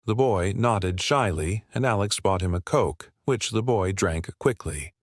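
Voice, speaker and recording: Low-voiced man narrating a story. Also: animated, unhurried, no echo, clean studio sound.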